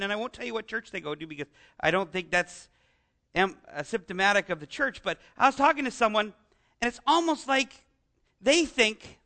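A man's voice: very high voice, sharp tone. A Canadian man preaching a sermon as pastor, in a conversational style with chatty asides.

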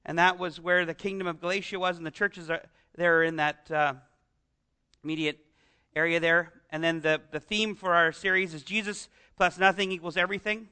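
A man's voice: sits high, flat delivery, moderate pace, pushed and bright, smooth. A Canadian man preaching a sermon as pastor, in a conversational style with chatty asides.

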